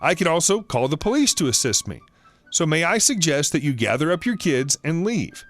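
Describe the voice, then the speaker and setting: A man voicing a polite, measured male restaurant manager who stays firm. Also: fairly high pitch, very animated, fairly bright tone.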